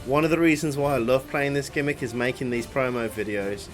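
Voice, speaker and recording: Give me a man in his late twenties, casually narrating old clips with plenty of swearing and a medium-pitched voice. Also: steady tone, brisk, faint music behind. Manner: rambling, sweary, chuckles to himself. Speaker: vlogger. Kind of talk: casual commentary over old video clips.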